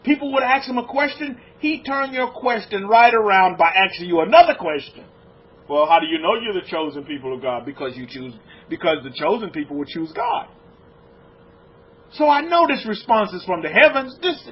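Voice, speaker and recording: A man with a high, husky voice preaches to his congregation, piling up rhetorical questions. He jumps from loud exclamations down to low, almost murmured lines. The recording sounds dull and lo-fi. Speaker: rabbi teaching a congregation. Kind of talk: preaching a lecture-sermon.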